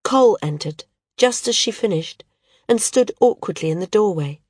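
A woman reading an audiobook in a calm, measured narration. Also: mid-range voice, breathy edge, no room sound, studio quality. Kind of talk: scripted narration.

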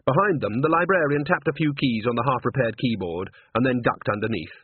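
A man narrates a story with wry timing and a lively, rising and falling pitch. His voice is husky. The recording is dry and sounds narrow and tinny, like a phone line. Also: brisk, dry recording. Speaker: audiobook narrator. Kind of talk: scripted narration.

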